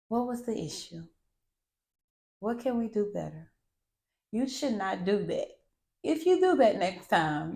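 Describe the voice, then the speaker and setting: Blunt, animated woman podcaster. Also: mid-range voice. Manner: blunt and animated, swearing freely. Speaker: podcast host. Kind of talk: candid monologue.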